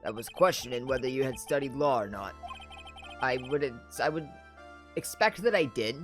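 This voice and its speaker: A game streamer reading courtroom dialogue and chatting through a playthrough. The tone is casual and self-deprecating, with a lively pitch. Faint music plays behind. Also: normal speed.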